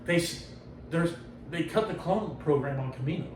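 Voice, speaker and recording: A man's voice: fairly high pitch, animated, moderate pace. A man hosting a casual podcast, animatedly retelling a comic book story with lots of swearing and acted-out quotes. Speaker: podcast host. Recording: roomy sound from a distant mic with faint noise.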